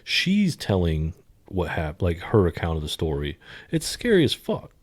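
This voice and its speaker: A man co-hosting a podcast in casual, profane chat, shifting between low mumbling and sudden loud bursts. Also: huge pitch swings, unhurried, no echo. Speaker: podcast co-host.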